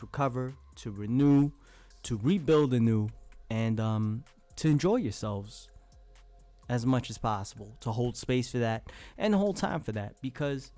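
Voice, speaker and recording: A man's voice: mid-range voice, a little mellow, no room sound. A man chatting casually with his live-stream chat as host, playful and laughing often, trying out silly voices.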